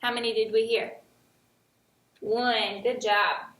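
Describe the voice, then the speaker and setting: A woman leads a lesson for small children at an unhurried, deliberate pace, with every word crisply enunciated. Her voice is bright and fairly high, and her tone stays encouraging throughout. The sound carries a noticeable echo from the room. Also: level tone, slight background noise. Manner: slow, encouraging, clearly enunciated. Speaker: teacher. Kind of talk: early-years remote lesson.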